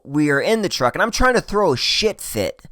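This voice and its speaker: A man spins a rowdy true story, his pitch leaping up and down as he acts out each person in it. He swears freely and talks loosely. The voice sits close and dry, with no room sound. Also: normal speed, no echo. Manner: profane, animated, acts out quoted voices. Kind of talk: casual storytelling.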